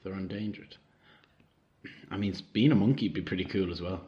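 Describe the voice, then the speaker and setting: A young man with a very deep voice, joking around and acting out small scenes as he talks. The recording is dull and lo-fi. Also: fairly quick. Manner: jokey, acts out little voices. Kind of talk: casual chat.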